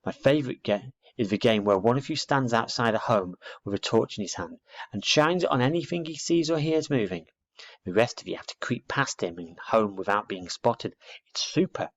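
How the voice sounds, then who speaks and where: A man's voice: mid-range voice, lively intonation, lightly acted. A man voicing a cheerful, confident young boy scout in a storybook reading. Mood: enthusiastic. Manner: brisk, confident. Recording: dull lo-fi recording.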